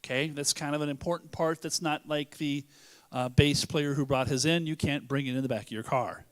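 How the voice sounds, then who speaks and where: A man emcees a charity auction at a fundraiser. His voice sits somewhat high. He jokes, rambles and cuts himself off to restart. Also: a little fast. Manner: joking, rambling, self-interrupting. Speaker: event emcee. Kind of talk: casual emcee banter. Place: church hall fundraiser.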